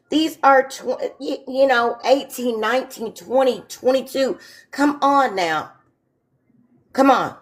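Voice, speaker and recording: A woman's voice: on the high side, animated, unhurried. A woman co-hosting a casual talk show, emphatic and repeating herself when worked up. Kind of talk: casual chat.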